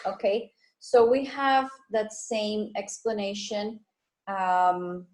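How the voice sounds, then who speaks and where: A woman teacher with a Guatemalan Spanish accent, slowly and patiently explaining spelling and word stress in a recorded online lesson. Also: mid-range voice, poor audio. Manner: slow, patient, repeats words to model stress.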